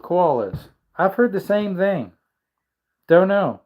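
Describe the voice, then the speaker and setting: Sleepy guy chatting on his live stream, yawning a lot, rambling and chuckling, average pitch. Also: lively intonation, slow, dull audio. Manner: rambling, chuckling, musing aloud. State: tired, yawning. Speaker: livestream host. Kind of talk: casual live chat, reading comments.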